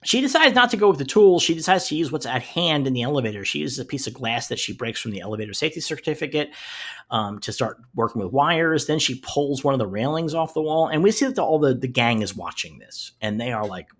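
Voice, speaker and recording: A man co-hosting a casual podcast, recapping a TV episode scene by scene. His pitch swings up and down in a lively, animated way. His voice sits at an ordinary middle pitch. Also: fast talker. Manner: animated, recaps plot with acted quotes and swearing. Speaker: podcast co-host. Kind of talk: casual review chat.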